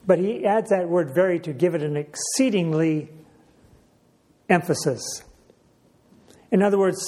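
A man delivers a sermon in a somewhat high voice. He speaks in a measured way and leans on repeated phrases for emphasis. He stops often to clear his throat. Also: darkish tone. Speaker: preacher.

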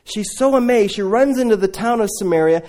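Higher-voiced man preaching a sermon. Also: animated, brisk, a little mellow. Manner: storytelling, asks the audience questions and repeats key words.

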